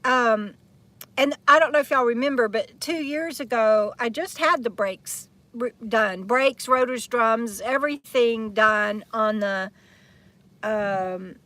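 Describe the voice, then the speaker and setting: Woman vlogger, casual live-stream chat outdoors, rambling and giggly, voice sits a touch high. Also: slow pace, sharp tone, no echo. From Texas. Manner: chatty, rambling, laughs often. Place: outdoors in the shade beside an RV.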